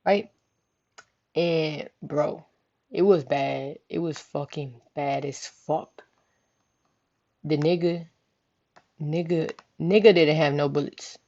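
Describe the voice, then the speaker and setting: A young woman vlogger telling a story casually, animated, profane and full of slang, acting out the voices of the people in it. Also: sits low, slow pace, long pauses. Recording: dull lo-fi recording.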